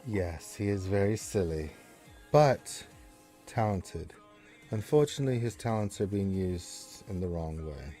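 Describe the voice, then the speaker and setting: Male game master, low mellow voice, casual rambling narration, faint music under. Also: lively intonation, measured pace. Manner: loose, conversational narration with fillers.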